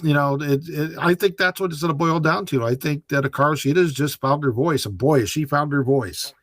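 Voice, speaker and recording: An animated man hosting a casual round-table chat, his voice a touch higher than most men's. He jokes and laughs often. The sound is close and dry, with almost no room echo. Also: fairly quick. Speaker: podcast host.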